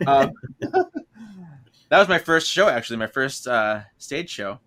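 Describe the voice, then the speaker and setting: Bright, animated man recapping a story. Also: medium pitch, measured pace. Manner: animated, laughing often, acts out characters' lines. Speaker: podcast co-host. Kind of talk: casual chat recapping a book.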